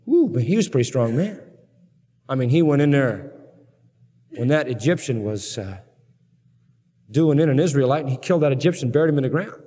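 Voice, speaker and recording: Animated preacher man in a reverberant hall. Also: on the high side, normal speed, long pauses, slightly rough. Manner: animated, dramatic storytelling with rising emphasis. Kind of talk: sermon.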